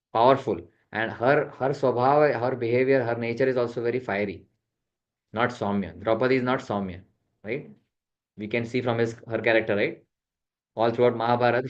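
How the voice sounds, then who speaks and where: Man teaching a scripture class. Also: medium pitch. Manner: retells the epic with acted quotes, mixing Hindi words. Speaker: spiritual teacher. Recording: dull lo-fi sound.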